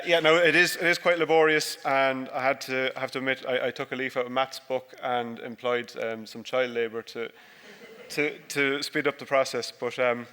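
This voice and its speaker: Guy giving a casual farm talk in a big conference hall, bright crisp voice, long reverb trailing off. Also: medium pitch. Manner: jokey, chatty and self-deprecating. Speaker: dairy farmer presenting at a conference. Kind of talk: informal conference presentation with slides.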